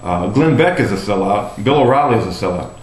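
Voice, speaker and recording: A man's voice: lowish voice, animated, a little fast. A man giving a preachy, fervent monologue and reading an essay aloud, with frequent fillers. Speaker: political commentator. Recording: roomy echo.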